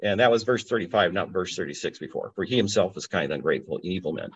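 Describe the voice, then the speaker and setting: A man's voice: deep voice, animated, quick pace. A man teaching from the Bible in a conversational sermon style, thinking aloud and asking listeners to stop and think. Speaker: pastor. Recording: dull lo-fi audio.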